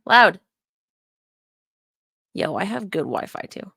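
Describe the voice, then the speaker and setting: A woman's voice: on the low side, animated, a little slow, creaky, fairly bright tone, no echo, clean studio sound. A young adult woman streaming from her computer, chatting casually, rambling, swearing and muttering to herself as she searches. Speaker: streamer reviewing a live stream. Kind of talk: casual livestream chat. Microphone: desk microphone.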